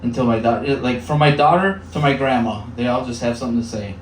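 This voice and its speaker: Heard through a far-off mic in an echoey bar with slight background noise, a thirtysomething from Michigan's Upper Peninsula delivers a conversational comedy set full of fillers and acted voices. He talks quickly at medium pitch, hardly pausing.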